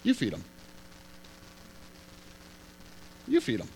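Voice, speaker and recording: A man voicing a calm adult male teacher giving orders, low and measured. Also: slightly rough, full character voice, low-quality recording. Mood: insistent.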